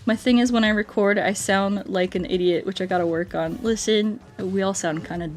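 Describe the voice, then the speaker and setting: Woman streamer chatting w chat, silly and jokey, middle pitch, bit of quiet game music behind. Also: steady tone, normal speed. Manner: goofy, playful, self-joking. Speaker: streamer and ASMR artist. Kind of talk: casual livestream chat with viewers.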